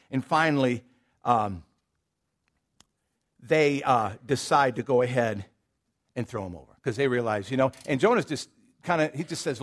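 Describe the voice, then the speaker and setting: A male pastor with a Southern American accent, preaching a casual, storytelling sermon full of asides and rhetorical questions. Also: mid-range voice. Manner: conversational storytelling, frequent fillers and rhetorical questions.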